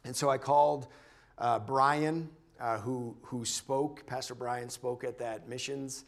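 Earnest man telling a halting testimony. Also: medium pitch, fairly even intonation. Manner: earnest, halting, repeats words as he restarts. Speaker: church member sharing a testimony. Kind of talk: personal testimony talk.

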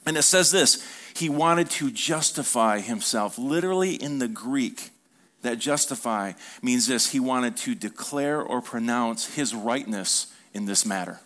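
A male pastor preaching an animated sermon to a congregation, acting out quoted dialogue and calling for responses. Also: medium pitch, measured pace.

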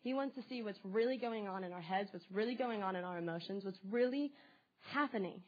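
A woman's voice: medium pitch, brisk, muffled recording. A woman giving a devotional sermon in an earnest, conversational way, often saying "like" as she talks. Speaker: preacher.

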